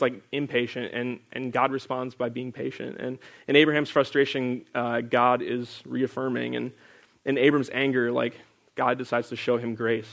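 Young guy with a gravelly voice reading bible verses then chatting through them, says like a lot. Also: medium pitch, a bit bright. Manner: loose and chatty, full of "like" fillers. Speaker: Bible teacher. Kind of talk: casual Bible study with scripture reading.

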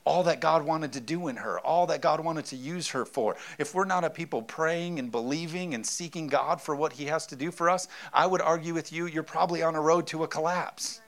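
A man's voice: a little high, a little fast, hardly any pauses, a bit bright. A man in his thirties, a pastor preaching a sermon with emphasis and often calling out for an amen.

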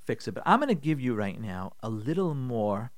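A man's voice: mid-range voice, big pitch swings, moderate pace, no room sound, studio quality. A middle-aged man, a rabbi hosting a radio show, giving emphatic, repetitive advice and acting out the complaints he quotes. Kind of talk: animated radio advice talk.

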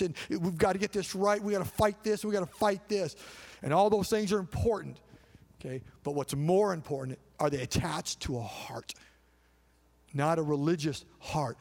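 A male pastor with a notably high voice preaches in a casual, conversational way, firing off quick rhetorical questions to his listeners. His voice rings out with the long reverb of a large church sanctuary. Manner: conversational preaching with frequent rhetorical check-ins. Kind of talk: sermon.

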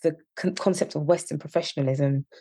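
Woman, Yorkshire accent, podcast co-host, low pitch, mellow tone. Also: a little fast, husky, dry recording. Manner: earnest, discursive, animated when riled. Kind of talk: casual chat.

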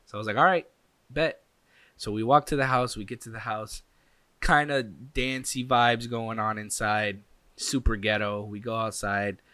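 A young man casually telling a personal anecdote, animated and acting out the people in it with sound effects. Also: lowish voice, normal speed, no echo. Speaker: storyteller.

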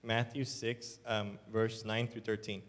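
A man's voice: on the low side, little pitch movement, a little slow. A man, a church elder, preaching a sermon in an earnest, rambling storytelling way with many fillers. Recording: long hall reverb.

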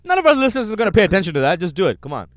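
A man co-hosting a casual podcast, teasing and reacting quickly to his co-host. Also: sits high, big pitch swings, no room sound. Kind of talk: casual sports banter.

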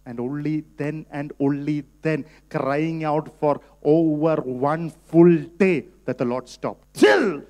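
A male pastor delivers a church sermon in a fairly high voice. He swings between hushed, earnest pleading and sudden loud shouts. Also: takes it slowly, few pauses. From India. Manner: preaching with sudden shouts and shifts in loudness.

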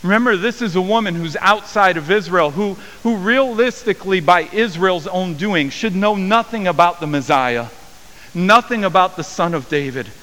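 A man preaching a sermon as a pastor, acting out the voices of the people in his story with rising pitch and volume. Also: animated, normal speed, fairly bright tone. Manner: acts out quoted voices with raised pitch and volume. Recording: long hall reverb with faint hiss.

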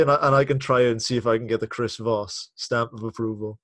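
A man's voice: medium pitch, fairly even intonation, a little fast, fairly bright tone. A man hosting an interview, eager in his questions and laughing easily. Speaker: interview host. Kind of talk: casual interview talk.

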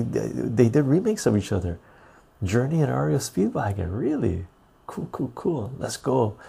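Man, soft-spoken ASMR host, very raspy gravelly voice, slow, dark tone, rough and cracking. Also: mid-range voice. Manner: slow, soft-spoken reading with trailing sighs. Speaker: live-stream host. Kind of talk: soft-spoken ASMR live stream, reading viewer lyrics.

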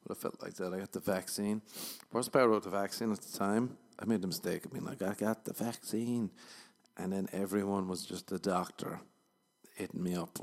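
A man's voice: low voice, steady tone, normal speed. A young Irish man, a comedian hosting his own podcast, rambling in a profane, self-mocking casual monologue with a tired voice. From Ireland. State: tired voice from overuse. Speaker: stand-up comedian and podcast host.

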